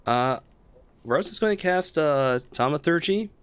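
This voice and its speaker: A man's voice: on the high side, expressive, measured pace, fairly bright tone, clear, resonant tone. Hesitant man thinking aloud at a game table. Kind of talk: casual game table chat.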